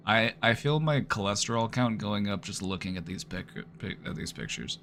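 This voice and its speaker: A man's voice: fairly low pitch, lively intonation, moderate pace, gravelly, fairly bright tone. A man streaming live, giving casual joking commentary with wry running reactions. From United States.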